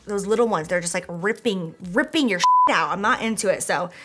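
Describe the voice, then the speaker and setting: A woman's voice: mid-range voice, animated, fairly quick, sharp tone, soft background music. A young woman chatting casually in a product review vlog, gushing and talkative, with lots of "like" and casual swearing. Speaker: beauty vlogger.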